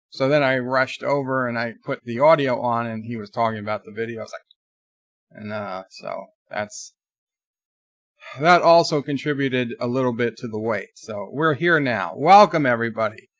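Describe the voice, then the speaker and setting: A man's voice: medium pitch, fairly bright tone, dry recording, clean studio sound. A man hosting a casual live stream, rambling between topics and reading viewer chat aloud.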